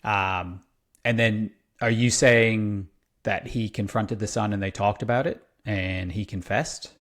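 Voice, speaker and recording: A man with a low voice chats on a podcast in an easy, unscripted way. He wanders through his thoughts, restarting sentences and leaning on fillers while he looks for words. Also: fairly even intonation, unhurried, fairly bright tone. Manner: rambling, searching for words, many fillers. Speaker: podcast co-host. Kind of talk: casual podcast chat.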